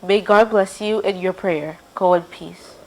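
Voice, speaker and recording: A woman voicing an old male priest in a storybook reading, speaking low, gentle and measured. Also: creaky, poor audio. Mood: stern, kind.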